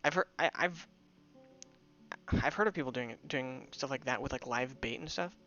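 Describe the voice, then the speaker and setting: A man's voice: mid-range voice, normal speed, sharp tone, muffled recording, faint music behind. A young man chatting loosely while streaming a game, rambling with many restarts. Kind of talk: casual gameplay commentary.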